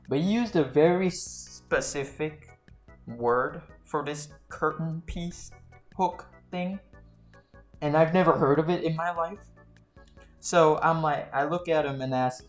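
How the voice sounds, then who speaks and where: Exasperated young man ranting. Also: mid-range voice. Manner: exasperated, swearing, laughing, rising into heated outbursts. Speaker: storytime vlogger. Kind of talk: casual storytelling rant. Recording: roomy echo with faint music.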